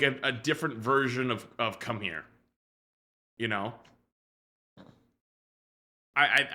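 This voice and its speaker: Casting: male streamer, bright forceful tone, rambling casual chat, casual swearing. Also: mid-range voice.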